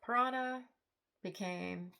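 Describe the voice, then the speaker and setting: Chatty, excited woman reviewing books. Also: medium pitch, takes it slowly, gravelly. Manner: enthusiastic, chatty, rambling. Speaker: book vlog host. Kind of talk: casual book review chat.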